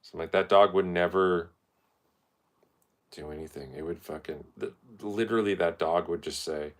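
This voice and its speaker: A man's voice: sits low, normal speed. A man vlogging in a loose, meandering monologue, swearing freely and filling gaps with "like" and "you know". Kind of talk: rambling casual monologue.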